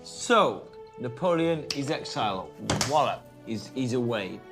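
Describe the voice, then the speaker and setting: A man comedian retelling history in a jokey, animated way, slipping into voices. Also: mid-range voice, a little slow, music in the background. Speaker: comedian storyteller.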